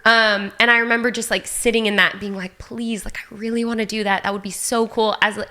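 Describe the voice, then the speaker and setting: Bright, animated woman telling a story. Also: fairly high pitch. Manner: animated, fast, peppered with "like". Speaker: podcast guest, Olympic athlete. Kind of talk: casual storytelling chat.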